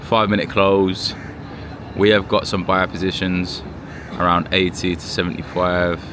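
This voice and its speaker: A man from the UK, a gold trader and trading mentor, talking casually to camera in an excitable, slangy way and swearing freely. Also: sits low, measured pace. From United Kingdom. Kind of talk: casual vlog talk to camera. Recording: noisy background.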